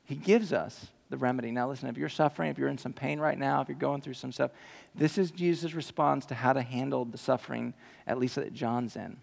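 A male pastor preaching a sermon with animated, jokey storytelling and earnest appeals to the listeners. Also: mid-range voice, brisk, gravelly. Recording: long hall reverb.

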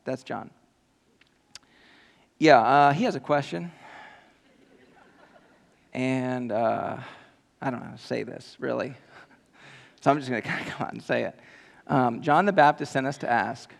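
Nervous stammering disciple voiced by a man, gravelly voice, echoey hall. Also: medium pitch, measured pace, long pauses. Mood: awkward. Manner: hesitant, stammering, fumbling. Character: awkward nervous male disciple. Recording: long hall reverb.

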